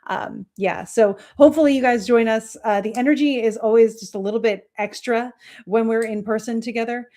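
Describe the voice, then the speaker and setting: A woman in her thirties hosting an astrology livestream, chatting casually with viewers in a rambling way, with many fillers and soft laughs. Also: a little high, a little fast.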